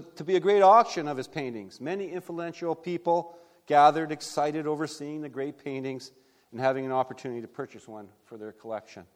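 A man's voice: a little high, long reverb tail. A man preaching a sermon, telling a story earnestly and reading scripture aloud. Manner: earnest, steady storytelling with small restarts. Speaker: pastor.

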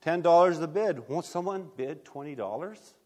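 Formal auctioneer, as a preacher puts him on. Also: male voice, on the high side, lively intonation, normal speed, darkish tone, in a large hall. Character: persistent male auctioneer, calm and formal.

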